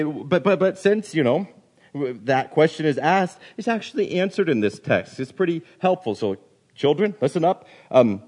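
A man preaching a sermon, animated and full of questions, repeating himself as he goes, with a cold coming on. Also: a little high. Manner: animated, questioning, with many restarts. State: getting a cold. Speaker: pastor.

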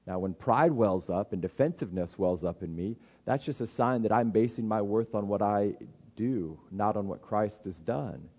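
A middle-aged man preaching a sermon, conversational and often restarting his words, acting out inner voices in a raised pitch. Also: moderate pace, a little mellow. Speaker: pastor.

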